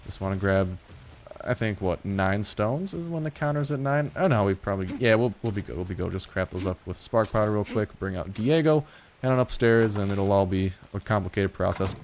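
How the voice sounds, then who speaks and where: Young male gaming host, low pitch, chatty and profane, over faint background noise. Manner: rambling, jokey, profane. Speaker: gaming YouTuber. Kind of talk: casual gameplay commentary.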